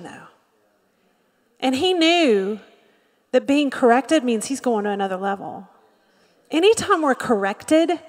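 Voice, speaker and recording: High-voiced woman pastor preaching in a hall. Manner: lively preaching with acted-out quotes and frequent "Amen?". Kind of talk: sermon. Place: church sanctuary.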